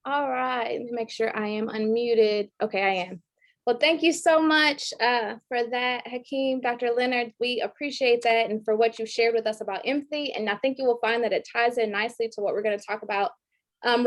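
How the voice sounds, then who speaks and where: A woman's voice: fairly high pitch, fairly quick. A woman in her thirties, an educator giving an online training talk and reciting a spoken-word poem in an earnest, rhythmic way. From Detroit, raised in Georgia. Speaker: presenter, educator. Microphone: video call.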